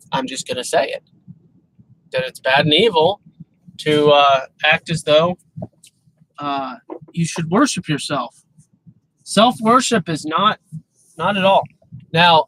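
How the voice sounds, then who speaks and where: A man's voice: a little high, fairly bright tone, low-quality recording. A man hosting a live stream, talking casually but emphatically about faith, often breaking off and restarting. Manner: emphatic, earnest, self-interrupting. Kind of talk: casual preaching chat.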